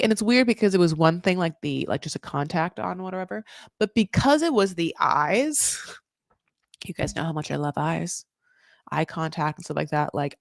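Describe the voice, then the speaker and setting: A woman casually recapping a reality show, chatty and animated, full of "like" and laughs. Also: sits low, vocal fry, dry recording, clean studio sound. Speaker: recap podcast host.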